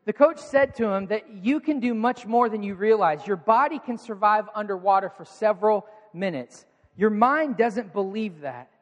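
A man with a notably high voice preaches a sermon, rousing and playful as he pushes his listeners to answer back. His words ring out with a long reverb, like a big church hall. The delivery is energetic and coaxing. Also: moderate pace, lo-fi sound. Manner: energetic, coaxes the congregation into call-and-response. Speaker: pastor.

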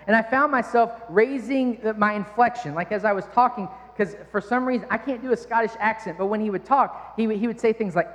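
A man's voice: high-pitched, a little fast, few pauses, fairly bright tone. A man preaching a sermon in church, talking in a conversational way with playful asides. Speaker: pastor. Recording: long reverb of a large hall.

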